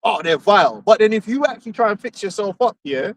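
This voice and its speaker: Casting: high-pitched man, animated and preachy, recorded well off the mic. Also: fast, no room sound, recorded from a distance. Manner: animated, mocking impressions, preachy. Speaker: podcast co-host. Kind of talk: heated casual discussion.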